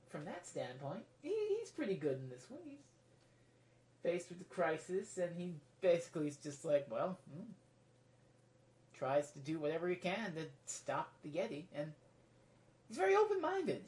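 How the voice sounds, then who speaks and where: A woman with an unusually deep voice talks through a casual solo review. She rambles, wanders onto tangents, and keeps an offhand, chatty tone. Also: darkish tone. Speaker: video reviewer.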